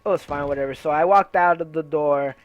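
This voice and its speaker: Young guy rambling thru a sweary story, kinda high voice, uh you know everywhere. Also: a little fast, highs cut off, slight background noise. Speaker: gaming video creator. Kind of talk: casual storytelling over gameplay.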